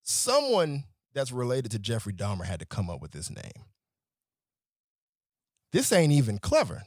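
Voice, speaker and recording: Guy ranting, super animated and fed up, cussing a lot, voice jumps all over, dry close sound. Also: medium pitch, a little slow, pauses often, dry recording. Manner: animated, exasperated, profane. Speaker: nightlife promoter. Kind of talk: comedic rant.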